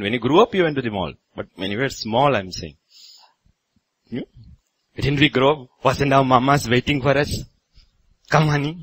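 A man pastor from India preaching a sermon in a church, with sudden loud rises on repeated phrases. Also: medium pitch, slightly rough, rough recording.

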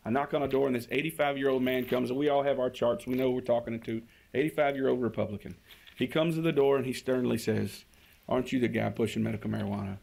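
A man's voice: medium pitch, steady tone, quick pace, creaky, a little mellow. A man, a state representative, giving earnest testimony at a committee hearing, stumbling over and repeating words as he builds his case. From Kentucky. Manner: earnest, repeats words when starting phrases.

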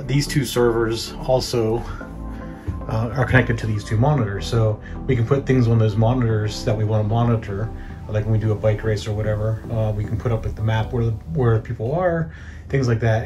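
A man hosting a ham radio channel, casually walking through his setup with lots of fillers and restarts. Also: fairly low pitch. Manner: relaxed, many fillers and restarts. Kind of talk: casual walkthrough narration. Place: inside a trailer, walking around. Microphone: phone.

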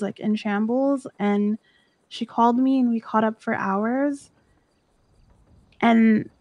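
A woman's voice: fairly high pitch, a little mellow, dry recording, highs cut off. A young woman talking in character during a roleplay stream, earnestly retelling an emotional story.

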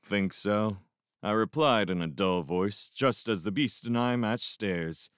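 A man narrating a novel in the first person as a fan audiobook reader, with an expressive delivery and reflective pauses. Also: fairly low pitch, clean tone, no room sound, studio quality.

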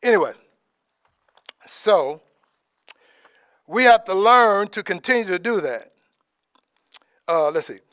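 A man giving an informal, conversational sermon as preacher, dropping in praise asides and trailing off softly. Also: high-pitched, animated, slow, pauses often, dry recording, studio quality. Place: church in Alaska.

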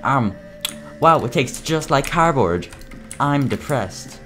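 A man voicing a glum male pizzeria customer in a game video, speaking deadpan. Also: medium pitch, slow pace, faint music behind, voice pushed up.

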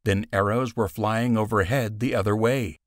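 Steady and measured, a man with a fairly low pitch narrates an audiobook from a script. The recording is dry, with clean studio sound.

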